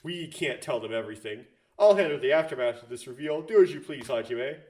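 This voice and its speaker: A man's voice: medium pitch, expressive, fairly quick, darkish tone, lightly acted. A man voicing a composed male schemer who speaks in formal, reassuring phrases. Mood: assured. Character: composed male mastermind ally, formal and assured.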